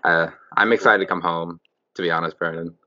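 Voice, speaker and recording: A man's voice: low voice, fairly even intonation, brisk, pushed and bright, highs cut off. A man with a Wisconsin accent, co-hosting a podcast in casual, rambling chat. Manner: chatty, rambling, restarts sentences. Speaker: podcast co-host.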